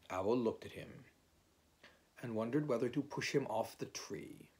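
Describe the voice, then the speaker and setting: A man's voice: medium pitch, husky. Man reading a children's storybook. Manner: unhurried and very expressive. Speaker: audiobook reader. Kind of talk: storybook narration.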